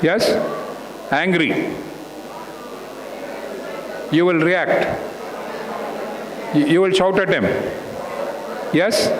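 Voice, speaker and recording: A man's voice: high-pitched, very slow, pauses often, crowd noise. Man lecturing students in an echoey hall. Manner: asks the audience questions again and again. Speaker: guest speaker at a school talk. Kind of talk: interactive talk to students. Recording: echoey hall with faint hum.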